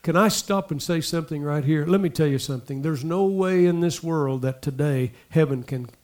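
A man preaching a sermon, talking to the congregation in asides and repeating lines as he builds to loud exhortation. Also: fairly high pitch, moderate pace. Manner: impassioned, repetitive preaching that swells to loud exhortation. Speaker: pastor.

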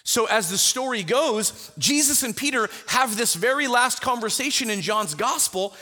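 A man teaching a Bible study in a conversational way, telling the story with lively acted-out quotes. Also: extremely high pitch, moderate pace, long reverb tail. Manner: animated storyteller who acts out the quotes.

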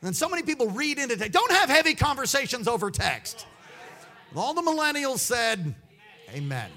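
A man preaching a sermon, swinging between loud exclamations and hushed asides. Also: extremely high pitch, big pitch swings, normal speed.

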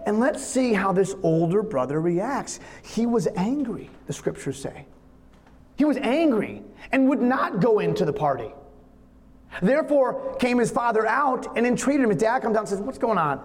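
A man's voice: high voice, lively intonation, normal speed. A man preaching a sermon in an earnest, conversational, storytelling manner. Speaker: pastor. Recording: long reverb of a large hall.

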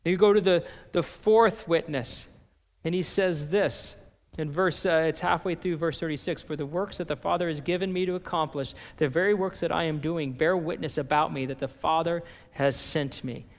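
A man preaching a sermon as a pastor, reading and paraphrasing scripture with animated emphasis. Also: a little high, normal speed, big-room sound.

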